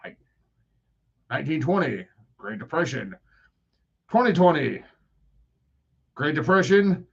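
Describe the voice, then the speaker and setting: Guy in his 40s ranting and cursing on his own podcast, kinda high voice, dull lo-fi sound. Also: big pitch swings, measured pace, creaky, pauses often, husky. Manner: profane, self-mocking rants. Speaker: podcast host. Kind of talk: rambling solo podcast monologue.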